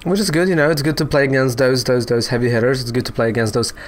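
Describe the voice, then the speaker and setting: A man's voice: mid-range voice, fairly even intonation, fast. A man giving casual, joking commentary while playing an online card game, often adding "right?" and "you know". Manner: chatty, peppers talk with "right?" and "you know"; joking, self-mocking asides.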